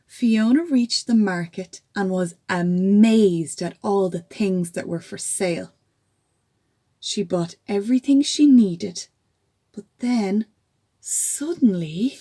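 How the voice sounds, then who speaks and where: A woman, a teacher, reading a children's storybook aloud with gasps and hushed asides. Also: medium pitch, slow. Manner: animated, with stage gasps and whispers.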